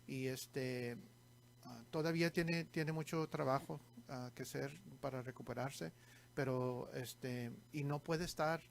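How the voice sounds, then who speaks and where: A man talking as a guest on local radio, speaking haltingly with restarts, in English and Spanish. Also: medium pitch, steady tone, gravelly, slight background noise. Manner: halting, many restarts and fillers. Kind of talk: casual radio talk.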